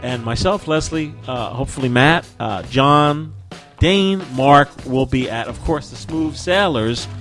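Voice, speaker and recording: A man's voice: mid-range voice, measured pace, a bit bright, soft background music. A man hosting a podcast in casual chat, rambling and jokey. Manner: rambling, jokey, laughs often. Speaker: podcast host.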